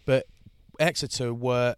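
A man co-hosting a casual chat, telling anecdotes in an animated way and mimicking other people. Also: mid-range voice, takes it slowly, clean tone, dry recording. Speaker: podcast co-host.

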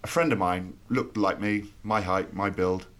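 A man with a low voice co-hosts a podcast in relaxed, joking chat. He often ends his points with rhetorical questions like "didn't we?". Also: moderate pace. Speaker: podcast co-host, former rugby player. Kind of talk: casual chat.

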